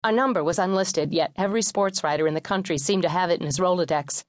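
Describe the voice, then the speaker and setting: A woman narrating a memoir audiobook in a measured, wry storytelling manner, recorded in a studio. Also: on the low side, no room sound.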